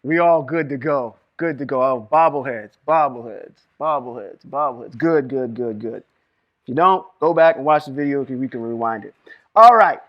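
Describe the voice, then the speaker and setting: A man teaching Hebrew reading and scripture to a live group, lively and quizzing the room with questions. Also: mid-range voice, normal speed, dull audio. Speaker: Bible teacher. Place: room with a small live audience.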